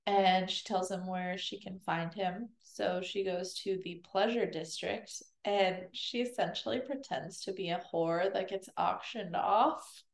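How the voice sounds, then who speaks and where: A woman's voice: mid-range voice, a little slow, gravelly, hardly any pauses. Woman co-host, chatty plot summarizer, roomy sound. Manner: summarizes plot, slips into quoted character voices. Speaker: podcast co-host explaining a book. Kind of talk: casual chat.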